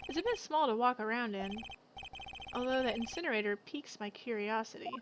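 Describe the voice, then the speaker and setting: A woman streamer reads a game's dialogue aloud during a let's play, soft and casual, musing as she goes while game music plays behind her. Her voice is a little high, expressive and fairly quick, with background noise.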